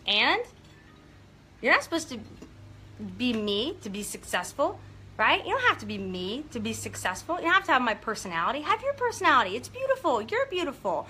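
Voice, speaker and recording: Bubbly lady coach on a live video, high voice, calls out viewers by name. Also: big pitch swings, a little fast, pushed and bright, a little hiss or hum. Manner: upbeat, gushing, talks to viewers by name. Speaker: business coach.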